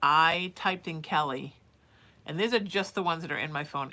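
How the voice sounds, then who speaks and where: A woman's voice: low-pitched, moderate pace, bright, forceful tone. A middle-aged woman giving casual psychic advice on a live stream, chatty and calling viewers sweetie. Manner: reads viewer messages aloud then answers.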